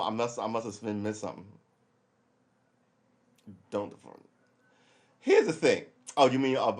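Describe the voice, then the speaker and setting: A middle-aged man hosting a live stream, giving casual, rambling commentary as he reads and reacts to a news article, swearing freely. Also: lowish voice. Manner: rambling and profane, acts out quick imagined dialogue.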